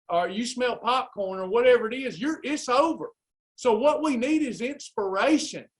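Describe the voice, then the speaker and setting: A man coaching a live weight loss class, urging listeners on in a fired-up, preacherly way. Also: very high voice. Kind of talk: live class pep talk.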